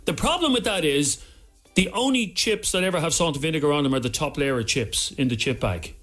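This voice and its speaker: A man's voice: on the high side, brisk, faint music behind. Chatty Irish man on radio. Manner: chatty, animated storyteller. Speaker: radio co-host. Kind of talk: casual radio chat. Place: radio studio.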